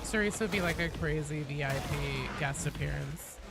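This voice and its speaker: A gaming streamer chatting casually with viewers, reading chat aloud and deliberately speaking higher to avoid vocal fry. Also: loud music behind the voice. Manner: chatty, reads and answers chat; talks in a raised pitch on purpose to avoid vocal fry. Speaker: gaming livestream host.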